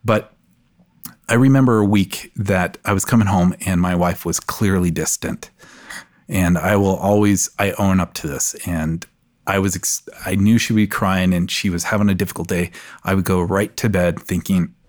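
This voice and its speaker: A middle-aged man, a podcast guest, speaking earnestly and reflectively in measured phrases. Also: deep voice, steady tone. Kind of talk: podcast conversation.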